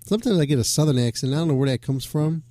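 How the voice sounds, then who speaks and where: Mellow-voiced joking radio host. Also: male voice, a little high, very fast, no echo. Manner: loose, swearing, joking asides. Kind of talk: casual rambling radio talk.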